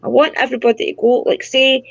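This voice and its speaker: A Scottish woman in her fifties chatting on a live stream through her phone, talkative and quick to laugh. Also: high-pitched, level tone, creaky, dry recording, lo-fi sound. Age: 50s. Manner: chatty, laughs often, tries to speak slowly. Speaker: guest on a paranormal live stream. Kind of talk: casual chat.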